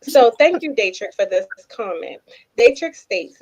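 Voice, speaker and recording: A woman's voice: medium pitch, lively intonation, measured pace, darkish tone, muffled recording. A woman co-hosting a casual podcast chat, reading listener comments aloud and steering the topics. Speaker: podcast co-host.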